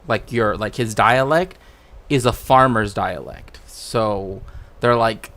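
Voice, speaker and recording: Man streamer, unhurried, rambly, filler-heavy casual chat. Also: mid-range voice, a bit bright. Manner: rambling, many fillers and restarts.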